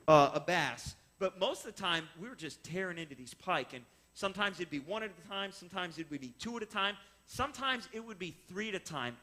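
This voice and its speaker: A man telling a personal fishing story, explaining step by step and acting out the voices of the people in it. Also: high-pitched. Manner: animated, acts out voices in his story. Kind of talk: personal story told to listeners.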